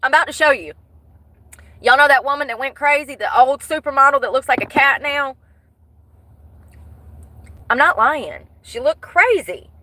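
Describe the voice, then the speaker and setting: A woman gossiping to her viewers in a bright, forceful, slightly high voice. Her talk is animated and salty, full of slang and blunt asides. The sound is close and dry, with no room around it. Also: moderate pace, long pauses, no echo. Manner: animated, swears, breaks into laughter. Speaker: vlogger. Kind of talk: casual gossip chat to viewers.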